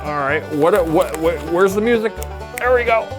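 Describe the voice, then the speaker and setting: A man's voice: sits high, lively intonation, normal speed, music in the background. A man co-hosting a podcast, chatting casually in a rambling, profane way. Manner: rambling, profane, repeats himself. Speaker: podcast co-host. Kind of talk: casual banter.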